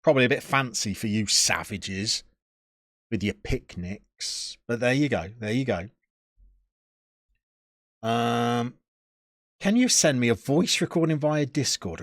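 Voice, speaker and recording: A man's voice: mid-range voice, big pitch swings, a little slow, pauses often, no echo, clean studio sound. A man, chatting casually as a streamer and answering his live chat with joking, opinionated banter.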